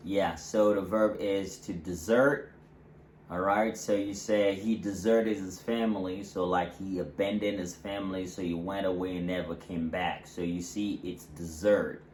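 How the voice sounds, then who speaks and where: A man co-hosting an English lesson, explaining verbs in a relaxed way with many fillers and examples. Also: sits low, normal speed, hardly any pauses. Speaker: English teacher, co-host. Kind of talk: casual teaching. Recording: echoey room, faint background noise.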